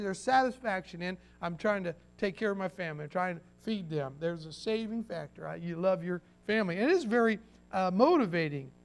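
High-voiced folksy preacher man. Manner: folksy preaching with acted quotes and many restarts. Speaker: pastor. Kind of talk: sermon.

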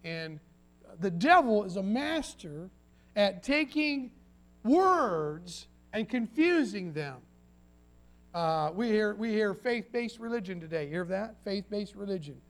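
A man's voice: high voice, big pitch swings, slow, faint music behind. A pastor preaching a sermon in a folksy way, acting out quoted voices and often restarting his sentences.

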